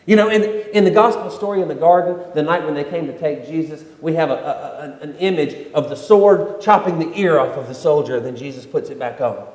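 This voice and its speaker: Male pastor, a bit high-voiced, casual repetitive preaching, roomy sanctuary. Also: fairly quick, hardly any pauses, a little mellow. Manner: conversational preaching with repetitions and acted-out quotes. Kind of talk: sermon. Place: church sanctuary. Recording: echoey church hall.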